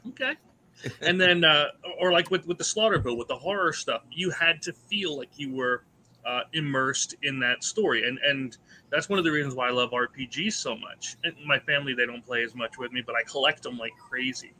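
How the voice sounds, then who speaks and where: A man's voice: medium pitch, fairly quick, pushed and bright, slight background noise, poor audio. A man who designs indie games chats eagerly in a convention panel, rambling with many restarts. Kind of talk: casual convention panel chat.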